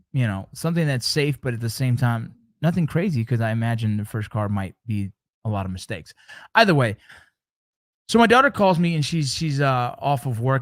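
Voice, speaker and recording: A man's voice: mid-range voice, no echo. Earnest, heartfelt man talking close and dry. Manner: earnest and heartfelt, with repeated words and restarts. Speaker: show host. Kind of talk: casual motivational talk to listeners.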